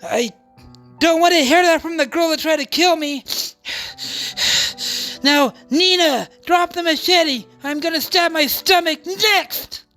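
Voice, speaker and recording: A woman voicing a stubborn young man who talks in a measured, firm way, pitched lower than her own voice. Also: fairly bright tone, soft background music.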